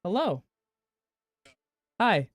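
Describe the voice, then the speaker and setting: A man's voice: sits high, sing-song, drawn-out words, a bit bright, dry recording. A young man streaming a game, ranting and swearing in melodramatic outbursts in a casual chat. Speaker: gaming streamer. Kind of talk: casual live-stream chatter.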